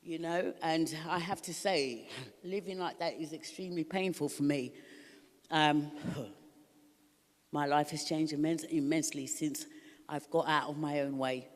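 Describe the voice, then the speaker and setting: A woman's voice: sits low, measured pace, in a large hall. A middle-aged woman from Africa, giving a candid, emotional personal testimony at a recovery ministry, laughing often.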